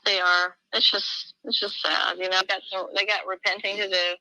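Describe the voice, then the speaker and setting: A middle-aged woman speaks fervently in an emotional personal conversation. Her voice is gravelly with fry and has a very sharp, tense edge. The sound is dry and close. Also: medium pitch, little pitch movement, moderate pace, dry recording, poor audio. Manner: fervent, quotes dialogue in a swinging voice.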